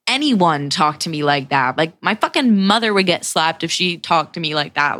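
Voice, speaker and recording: A young woman in her twenties hosting a podcast, telling a personal story in a casual, profane, animated way and acting out what people said. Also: fairly low pitch, normal speed, few pauses, no room sound. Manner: profane, animated retelling with acted-out quotes. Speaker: podcast host.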